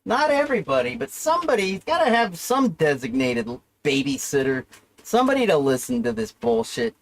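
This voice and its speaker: On a rough recording, a man with a fairly high voice rants alone on his livestream. It's a solo rant, rambling and sarcastic, with plenty of profanity and self-pity.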